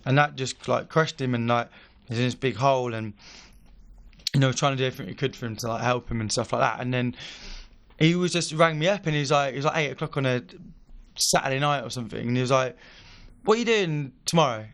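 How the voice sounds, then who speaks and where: A man's voice: medium pitch, quick pace, fairly bright tone. A young man, a podcast guest telling a long story in a rambling way, full of fillers. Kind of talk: casual chat.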